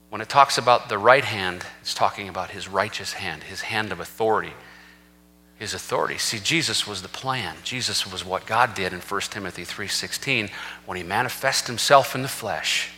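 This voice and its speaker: A man's voice: medium pitch, bright, forceful tone. Emphatic male pastor preaching in a hall. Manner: emphatic preaching, reading scripture aloud with rising force. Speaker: senior pastor. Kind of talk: sermon. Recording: reverberant hall.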